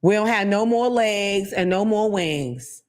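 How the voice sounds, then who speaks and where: A woman hosting her own talk show, riffing in a blunt, profane, animated monologue. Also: medium pitch, measured pace. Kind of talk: casual comedic monologue.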